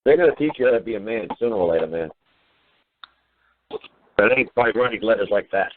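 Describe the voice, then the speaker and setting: A man's voice: fairly low pitch, expressive, brisk, a little hiss or hum. A man hosting a call-in radio show, scolding and mocking his caller in a profane rant. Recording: tinny phone-line radio audio.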